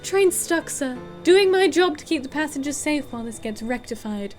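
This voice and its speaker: A woman's voice: high-pitched, expressive, normal speed, soft background music, pitched above the performer's own voice. A woman voicing a polite male train guard who keeps saying sir, in a game play-through. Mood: dutiful. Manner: formal, calls everyone sir.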